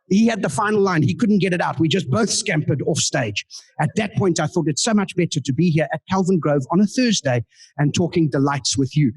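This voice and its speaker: A man's voice: a little high, a little fast, husky. A man doing live stand-up, telling playful self-mocking stories with asides to the audience. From South Africa. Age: 40s. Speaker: comedian and guest speaker. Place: indoor club meeting room.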